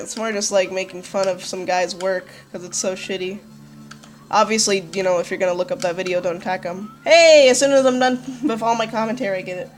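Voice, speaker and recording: A woman hosting a let's play, talking casually and profanely with lots of "like" and "dude". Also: mid-range voice. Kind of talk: gameplay commentary.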